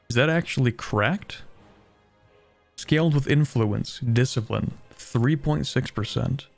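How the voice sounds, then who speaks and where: A man's voice: mid-range voice, vocal fry, a little mellow. Southern Ontario man chatting while gaming. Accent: Canadian (southern Ontario). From southern Ontario, Canada. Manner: chatty, self-deprecating, thinks aloud. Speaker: game streamer. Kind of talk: casual gameplay commentary, reading chat.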